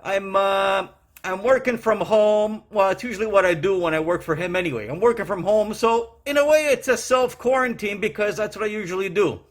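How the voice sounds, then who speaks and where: A man's voice: high-pitched, brisk, close to an everyday voice. A man playing a foul-mouthed, angry middle-aged courier clerk who rants and swears while working the phones from home. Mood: ranting. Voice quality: brash, swearing, ranting. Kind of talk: comedy character monologue.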